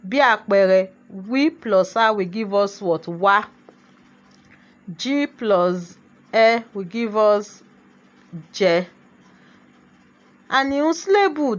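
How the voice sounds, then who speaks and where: A woman with a slightly high voice gives a language lesson. She switches between Yoruba and English and keeps asking "what?" to draw answers from her class. The sound is muffled and lo-fi. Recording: dull lo-fi sound.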